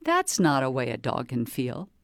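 A tired, impatient young dog owner who answers curtly and doubts everything she hears, voiced by a woman reading aloud. The voice stays low and close, with hardly any room sound. It comes across as a storybook read aloud. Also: wildly swooping pitch, moderate pace, dry recording, exaggerated voice. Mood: curt skeptical. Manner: curt, skeptical.

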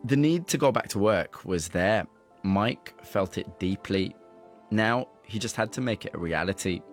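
A man narrating a radio documentary in a measured, even, scripted delivery. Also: lowish voice, soft background music.

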